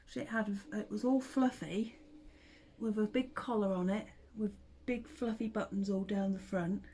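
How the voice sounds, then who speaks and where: Warm and mid-range, her voice stays fairly even in intonation at a normal speed. The speaker, a middle-aged mother who vlogs, chats casually about her family, laughing a lot and now and then slipping into a whisper. Poor audio with slight background noise.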